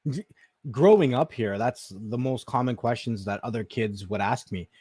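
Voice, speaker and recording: A man's voice: moderate pace, husky, dry recording. Frank, reflective Canadian-born man. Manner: reflective, talks frankly, often drops low and quiet. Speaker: podcast co-host. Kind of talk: casual chat.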